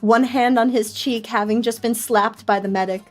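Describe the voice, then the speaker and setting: Laughing high-voiced woman streamer. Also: moderate pace, soft background music. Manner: laughs often, animated storyteller; shrieks when quoting panicked people. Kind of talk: casual storytelling chat.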